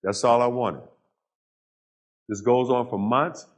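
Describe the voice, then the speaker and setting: An older man speaking to a live audience and telling his story. He talks in a mid-range voice, pausing for effect and building to emphatic peaks. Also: mid-range voice. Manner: storytelling with dramatic pauses and rising emphasis. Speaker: motivational speaker.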